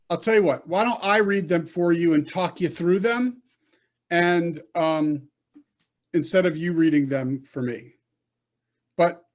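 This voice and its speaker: Slow, patient male Hebrew teacher. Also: high voice. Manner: patient, coaching, slow and deliberate. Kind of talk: online class instruction. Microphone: video call.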